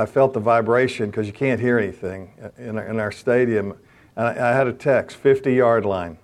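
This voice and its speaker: A man's voice: mid-range voice, darkish tone. Older male speaker for a men's faith talk. Conversational storyteller, emphatic and direct. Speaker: speaker addressing a men's gathering.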